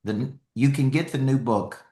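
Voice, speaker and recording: A man giving an energetic, emphatic live motivational talk as a speaker and coach, repeating key lines for effect. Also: medium pitch, moderate pace, echoey room.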